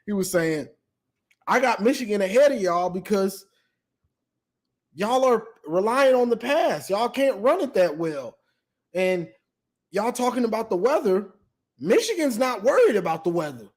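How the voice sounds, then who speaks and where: A man with a notably high voice hosts a live sports call-in stream in casual talk. He stammers through restarts and acts out both sides of a trash-talk story, laughing as he goes. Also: very animated, unhurried, long pauses.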